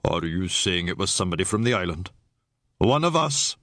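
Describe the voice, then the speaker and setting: A man's voice: low-pitched, very animated, moderate pace, fairly bright tone, no echo, studio quality, pitched below the performer's own voice. A man voicing a bellowing, blunt ferry captain. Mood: defiant. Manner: bellowing, dismissive. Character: gruff male island ferry captain, blunt.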